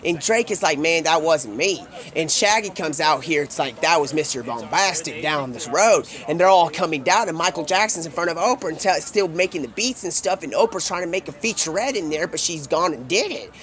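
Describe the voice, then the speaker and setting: A young man, a streamer, telling a rambling improvised story and quickly shifting his voice for the characters he quotes. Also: fairly high pitch, animated, fairly bright tone.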